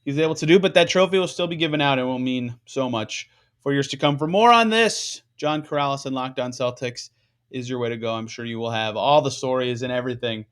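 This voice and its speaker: A man's voice: medium pitch, brisk, a bit bright, clean tone. A man hosting a sports podcast, talking conversationally with frequent fillers. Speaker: podcast host. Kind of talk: casual sports podcast discussion.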